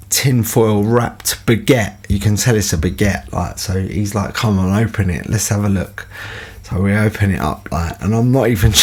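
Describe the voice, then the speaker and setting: Rambling man with a gravelly voice. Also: lowish voice, a little mellow. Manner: rambling, peppered with fillers. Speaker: podcast host telling stories. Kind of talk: casual anecdote.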